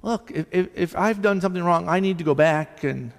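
High-voiced male pastor preaching in a reverberant hall. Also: a little fast, gravelly. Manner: animated storytelling, acting out both sides of conversations. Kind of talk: sermon with storytelling.

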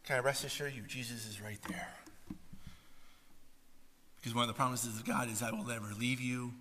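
A man preaching a sermon as pastor, impassioned, swinging between loud, raised passages and hushed, soft ones. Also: medium pitch, steady tone, normal speed, a little hiss or hum. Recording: long hall reverb.

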